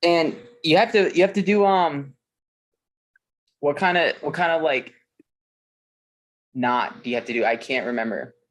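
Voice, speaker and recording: A man's voice: on the high side, measured pace, long pauses. A man in casual podcast chat, swearing freely and rambling with fillers as he tells a story. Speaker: podcast co-host.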